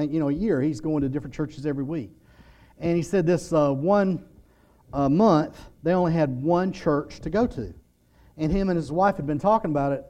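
A man with a warm, somewhat high voice preaches a sermon through stories, acting out the characters' lines and imitating a muffled "wah wah" voice.

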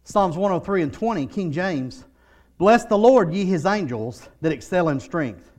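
A male pastor with a high voice that swoops widely in pitch. He preaches in waves, dropping low for stories and then climbing into loud, fervent declarations. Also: expressive, unhurried. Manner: preaching with rising shouted declarations and storytelling. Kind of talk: sermon.

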